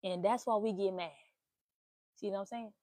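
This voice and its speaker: Young woman, blunt profane rant, mellow voice, dry close sound. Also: mid-range voice, moderate pace, no room sound. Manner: blunt, profane, animated ranting. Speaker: host. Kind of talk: casual talk to viewers.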